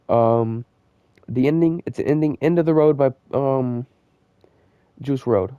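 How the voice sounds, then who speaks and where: Young male storyteller, loose and rambling, lots of slang, mid-pitched, on a dull dry lo-fi recording. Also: unhurried, pauses often, clean tone, dry recording. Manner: rambling, slangy, full of fillers and digressions. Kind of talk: casual storytelling monologue.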